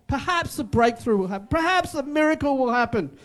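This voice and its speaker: A man's voice: extremely high pitch, expressive, brisk, a bit bright. A man preaching a sermon as pastor, emphatic and repetitive, with joking asides.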